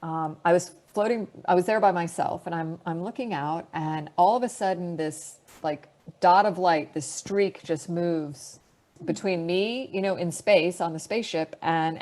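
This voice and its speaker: A middle-aged woman speaks over a video call with a slightly low voice. She tells her stories in a relaxed, animated way, with plenty of fillers and laughter. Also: moderate pace. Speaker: astronaut guest. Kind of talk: casual storytelling answers.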